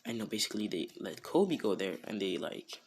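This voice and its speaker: A man's voice: fairly low pitch, big pitch swings, fairly quick, slight background noise. A man casually improvising a fan story, rambling with many fillers like "you know" and "basically".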